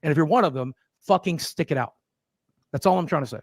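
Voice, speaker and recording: A man's voice: on the high side, quick pace, no room sound, clean studio sound. A middle-aged man arguing on a live stream, angry and defensive, swearing often. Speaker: online personality in a live debate. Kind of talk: heated live-stream argument.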